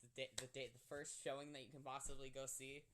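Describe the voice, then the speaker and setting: A man's voice: medium pitch, level tone, quick pace, fairly bright tone. A young man hosting a casual podcast chat, talking in a giggly, rambling way full of "like" and "um". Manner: chatty, giggly, lots of fillers like "like" and "um". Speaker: podcast host.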